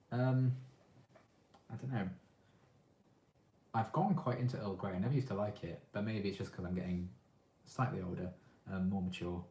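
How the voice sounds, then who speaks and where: Young English guy hosting a stream Q&A, laid-back and halting, low voice, faint background hum. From England. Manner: relaxed, hesitant, lots of ums. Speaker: livestream host. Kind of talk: casual Q&A answering chat. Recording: echoey room.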